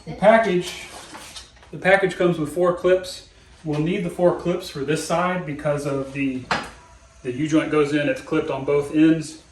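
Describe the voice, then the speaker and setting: A man's voice: a little high, steady tone, measured pace, echoey room, recorded from a distance, a little hiss or hum, poor audio. A man hosting a DIY car repair video in his garage, talking casually and joking as he explains each step aloud. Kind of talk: casual how-to narration while working. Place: home garage.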